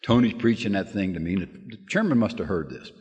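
Casting: man with a lowish voice, folksy, joking speaker at a meeting, reverberant hall. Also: expressive, fairly quick, darkish tone, dull audio. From Kentucky, USA. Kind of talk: humorous storytelling talk.

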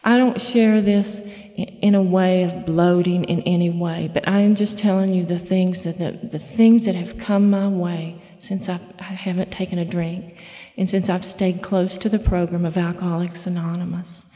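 Folksy middle-aged woman, mellow. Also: lowish voice, steady tone, big-room sound, muffled recording. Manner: folksy, halting storyteller with many fillers and restarts. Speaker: speaker at a recovery meeting. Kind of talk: personal testimony talk.

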